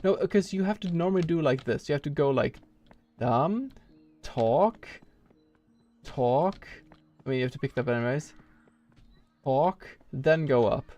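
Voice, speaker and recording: A man's voice: on the high side, moderate pace, darkish tone, muffled recording, faint music behind. A man streaming a speedrun, rambling casually and thinking aloud with lots of filler words. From Norway. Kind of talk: casual live-stream chat while playing.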